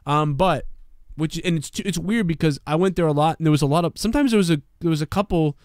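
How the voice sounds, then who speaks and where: A man's voice: on the high side, fast talker, no echo, clean studio sound. Profane man telling a bar story. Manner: rambling, profane, animated storytelling. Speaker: podcast co-host. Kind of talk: casual storytelling.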